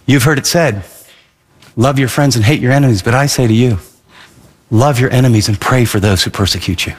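A man's voice: medium pitch, a little fast, in a large hall. A man preaching a radio sermon in an emphatic, conversational way, acting out little asides. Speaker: pastor.

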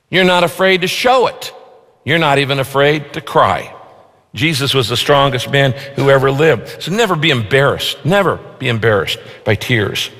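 A man's voice: mid-range voice, fairly bright tone. A man preaching a sermon as pastor, earnest and emphatic, repeating key phrases and leading the congregation through verses. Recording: long hall reverb.

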